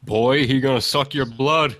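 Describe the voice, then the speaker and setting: A man's voice: medium pitch, fairly even intonation, moderate pace, a bit bright, voice pushed up, close to an everyday voice. A man putting on a drawling scolding parent.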